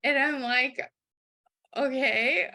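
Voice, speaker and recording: Animated woman telling a personal story. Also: high-pitched, drawn-out words. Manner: acts out quoted voices, frequent "like". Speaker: life coach.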